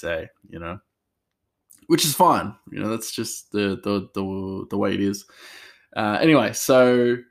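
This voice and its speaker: A man, a chef, telling work stories in a rambling casual way with many fillers and restarts. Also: fairly low pitch. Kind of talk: casual storytelling.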